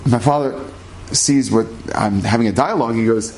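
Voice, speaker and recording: A man's voice: mid-range voice, moderate pace, a little hiss or hum. Man animatedly telling a personal story. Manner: animated, conversational. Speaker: speaker.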